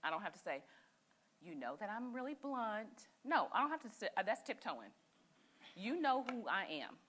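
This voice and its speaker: Lively, bright-voiced woman leading a group. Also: mid-range voice, moderate pace. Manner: animated, encouraging, direct. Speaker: session leader. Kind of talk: leading a church group discussion. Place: church meeting room.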